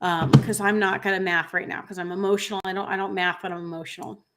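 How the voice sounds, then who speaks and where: Woman host, thirties, livestream, teary, earnest, halting, fillers, middling pitch. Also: flat delivery. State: tearful after crying. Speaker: host reading viewer comments. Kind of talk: emotional livestream chat.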